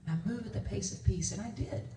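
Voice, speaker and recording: A woman's voice: mid-range voice, fairly quick, mellow, slight background noise. A woman minister giving a conversational sermon, telling stories with laughs and quoted voices. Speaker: guest minister. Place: church sanctuary. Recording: echoey church from a distance.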